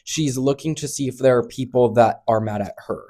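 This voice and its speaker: A man's voice: medium pitch, a little fast, mellow. A young man co-hosting a podcast, chatting casually in a rambling way full of fillers. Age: young adult. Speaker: podcast co-host. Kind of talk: casual chat.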